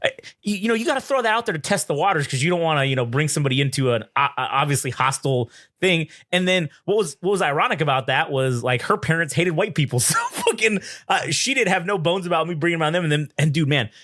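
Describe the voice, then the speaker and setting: A young man co-hosting a podcast, telling stories in a profane, animated way and mocking people in put-on voices. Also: a little high, fast, dry recording, studio quality. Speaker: podcast co-host. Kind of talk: casual chat.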